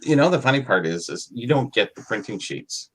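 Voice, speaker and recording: A man's voice: mid-range voice, lively intonation, brisk, breathy edge. A man chatting casually on a podcast, rambling and self-deprecating.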